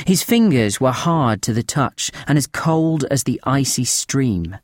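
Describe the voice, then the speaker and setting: A man narrating a dark story in the first person at a slow, measured pace. His delivery is grave and expressive, with a lot of pitch movement. The sound is dry and close. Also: no echo.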